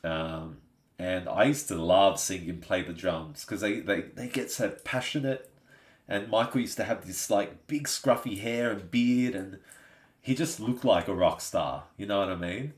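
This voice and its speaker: A man's voice: deep voice, measured pace. A man with an Australian accent, hosting a live stream in a laid-back, chatty way, reading out and answering viewer comments. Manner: chatty, laid-back, says "you know what I mean" often. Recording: echoey room.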